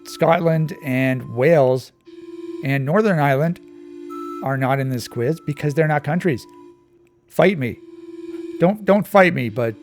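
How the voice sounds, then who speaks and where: A man giving casual, digressive commentary while playing a map quiz, thinking aloud as he goes. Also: a little high. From Canada. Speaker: quiz channel host.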